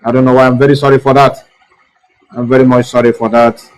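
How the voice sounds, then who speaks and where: A man's voice: medium pitch, level tone, fast, smooth, rough recording. A man hosting a live online talk show, repeating himself and fussing as he tries to reach callers. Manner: repetitive, fussing over technical trouble. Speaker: host.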